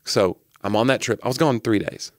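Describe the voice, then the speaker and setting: A man co-hosting a podcast, telling animated, jokey stories in casual chat. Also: fairly low pitch, fairly quick, dry recording, clean studio sound. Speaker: podcast co-host.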